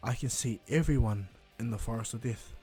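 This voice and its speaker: A confident young ninja, voiced by a man in a homemade fan story. He talks loud and earnest, explaining plans in a plain everyday voice. Faint music plays underneath. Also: mid-range voice, a little fast, breathy edge, close to an everyday voice. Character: confident young male ninja, eager and bold.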